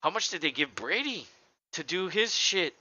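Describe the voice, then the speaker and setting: A man's voice: sits high, moderate pace, no echo, highs cut off. A man co-hosting a sports podcast, ranting casually with lots of swearing and mocking impressions. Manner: animated, profane ranting with mocking voices. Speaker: podcast co-host.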